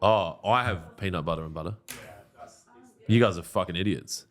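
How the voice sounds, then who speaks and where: A man's voice: low voice, moderate pace, a bit bright. A man co-hosting a casual podcast, joking and swearing freely. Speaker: podcast co-host. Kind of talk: casual banter.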